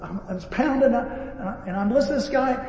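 A man preaching a sermon, telling an animated story with acted-out dialogue. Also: very high voice, fast, a little hiss or hum. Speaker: pastor and repair-shop owner. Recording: echoey hall, voice from far off, faint ambience.

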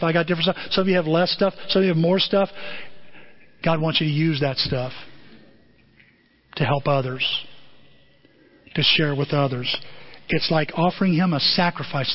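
Pastor, male, earnest storyteller; somewhat high voice on a dull lo-fi recording. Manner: earnest, storytelling, self-deprecating. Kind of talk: sermon.

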